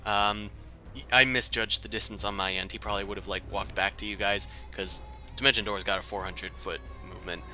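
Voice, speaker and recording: Bright-voiced male game master. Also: on the low side, fairly quick, faint music behind. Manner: relaxed narration with frequent fillers. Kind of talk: narrating a tabletop game over voice chat.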